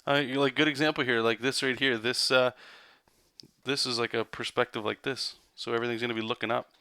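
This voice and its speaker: Casting: male comic artist, bright, dry voice, excitable and loose, rambling casual drawing lesson. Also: medium pitch, fairly quick, smooth, dry recording. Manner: loose, rambling, checks in with "right?" and "okay?".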